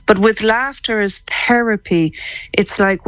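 A woman's voice: mid-range voice, slow, smooth, no room sound, muffled recording. Enthusiastic Irish woman therapist. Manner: warm, laughing, enthusiastic explainer. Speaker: psychotherapist and laughter therapist. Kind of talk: radio interview guest.

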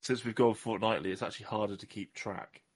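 A man's voice: fairly low pitch, steady tone, brisk, slight background noise. A man from southwest England co-hosting a podcast, rambling and joking at his own expense in casual chat. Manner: rambling, self-mocking, joking. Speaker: podcast co-host.

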